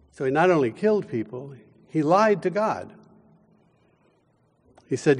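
Slow, deliberate preacher in a reverberant hall. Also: male voice, a little high, big pitch swings. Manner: deliberate, emphatic preaching with dramatic pauses. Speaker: pastor. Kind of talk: sermon.

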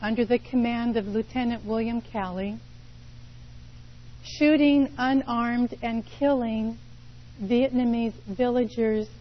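A woman preaching a sermon, telling stories slowly and deliberately with pauses. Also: on the high side, fairly even intonation, dull audio. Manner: slow, deliberate storytelling with pauses.

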